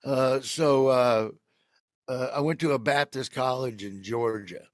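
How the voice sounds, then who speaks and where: Man, american comedian guest, lively storytelling, plays out the quotes, dry close sound. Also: medium pitch, unhurried, no room sound. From United States. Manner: animated storyteller who acts out quoted people. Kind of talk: casual storytelling interview.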